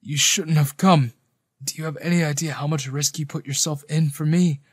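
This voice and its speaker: A man voicing a wounded young soldier who speaks hoarsely, softly and tenderly. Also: on the high side, fairly even intonation, moderate pace, no room sound, studio quality. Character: wounded young male soldier, gentle and devoted.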